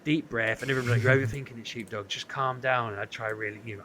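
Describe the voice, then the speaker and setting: Animated man telling a story. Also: medium pitch, fast, few pauses, a little hiss or hum. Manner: animated storytelling, acts out quotes. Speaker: podcast co-host. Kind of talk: casual chat storytelling.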